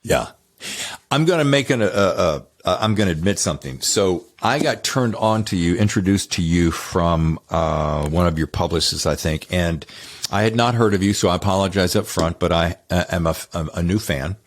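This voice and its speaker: A man's voice: sits low, normal speed. A man with a Southern American accent from North Carolina, hosting a podcast interview in a chatty, rambling, effusive way. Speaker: podcast host. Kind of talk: casual interview chat.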